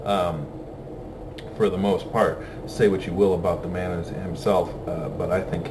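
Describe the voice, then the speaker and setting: A man's voice: low-pitched, level tone, normal speed, background noise. A man co-hosting a casual chat about films, rambling with many fillers and restarts. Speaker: podcast co-host.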